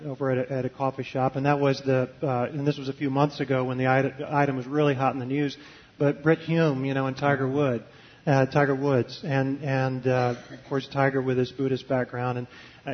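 A man's voice: medium pitch, lo-fi sound. A man who is a Baptist preacher, talking in an interview with many fillers and restarts. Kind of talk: conversational interview, reading a passage aloud.

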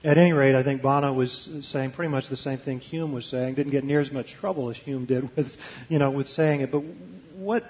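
A man's voice: medium pitch, fairly quick, hardly any pauses, muffled recording. A man who is a Baptist preacher, talking in an interview with many fillers and restarts. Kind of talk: conversational interview, reading a passage aloud.

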